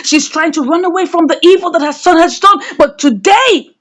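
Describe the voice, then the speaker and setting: A woman giving a dramatic movie recap as a reviewer, telling the story in an animated way and acting out the lines. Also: very high-pitched, normal speed.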